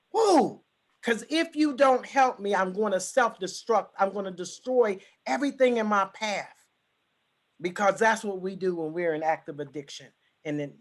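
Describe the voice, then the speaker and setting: A woman giving a personal testimony as a guest speaker, talking emphatically and repeating her key phrases for weight. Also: fairly low pitch. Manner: emphatic, repetitive storytelling.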